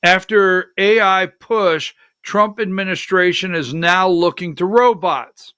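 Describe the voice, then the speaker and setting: A man's voice: high voice, takes it slowly, bright, forceful tone, clear, resonant tone, no echo, clean studio sound. A man hosting a political commentary show, sarcastic and talking straight to his audience as he calls for clips and reads from articles, with a Southern US accent.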